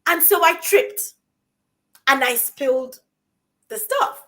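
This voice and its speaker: A woman co-hosting a conversation, telling a story in an animated way and asking rhetorical questions. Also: sits high, takes it slowly. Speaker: co-host.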